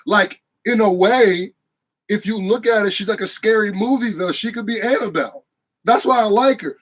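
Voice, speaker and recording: A man giving an excited, slangy, casual movie review with bursts of shouting and laughter. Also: sits high, normal speed, rough recording.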